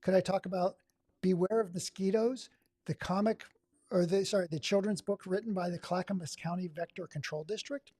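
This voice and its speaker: A man's voice: high voice, steady tone, brisk, dark tone, no room sound. A man from Oregon hosting a live stream, giving sarcastic, exasperated running commentary. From Oregon, USA. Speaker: livestream host.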